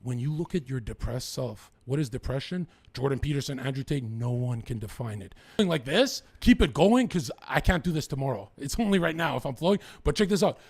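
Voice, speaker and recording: Young man, rough husky voice, rambling profane podcast storyteller. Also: mid-range voice, animated, fairly quick, few pauses, darkish tone. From Lower Mainland, British Columbia, Canada. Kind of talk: casual podcast chat.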